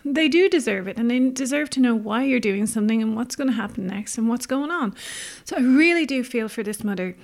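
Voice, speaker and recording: A woman with a fairly high voice talks through parenting advice on a casual podcast. She explains patiently and earnestly, leaning on key words for emphasis. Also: lively intonation, a little fast, gravelly, hardly any pauses, darkish tone. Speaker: childcare expert co-host.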